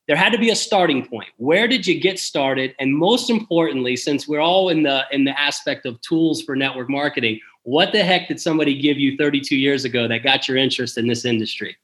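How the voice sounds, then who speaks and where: A man's voice: fairly high pitch, fairly bright tone. A man hosting a podcast, opening with loose jokes and then asking his guest where he got started. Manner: joking, loose, with fillers. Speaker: podcast host interviewing a guest. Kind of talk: casual podcast intro.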